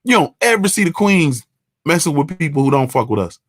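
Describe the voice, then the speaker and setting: A man's voice: a little high, sing-song, fairly quick, a bit bright, no echo, studio quality. A man, hosting a morning show and talking bluntly and profanely in a casual monologue. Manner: blunt, profane, repeats "you understand what I'm saying".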